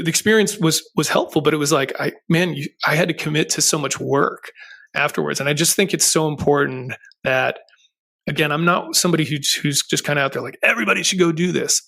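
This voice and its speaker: Gravelly middle-aged man telling a story. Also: fairly high pitch, steady tone, moderate pace, a bit bright. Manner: earnest, rambling with restarts and filler. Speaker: podcast host. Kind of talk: conversational interview storytelling.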